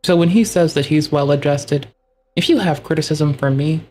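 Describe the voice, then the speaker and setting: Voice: mid-range voice, normal speed, darkish tone. A streamer commenting sarcastically to the audience. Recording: faint background noise.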